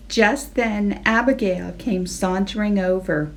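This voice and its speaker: Slow expressive woman reading aloud. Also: gravelly. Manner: slow, expressive, voicing animals with pitch jumps. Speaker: children's librarian reading aloud. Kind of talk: read-aloud storytelling.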